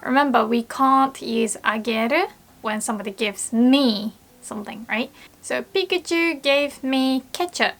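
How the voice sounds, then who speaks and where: A woman with a somewhat high voice and a noticeable gravelly fry, walking learners through grammar. She is patient and explanatory, and she repeats example sentences slowly. She also illustrates points with playful little scenarios. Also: a bit bright. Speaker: language teacher.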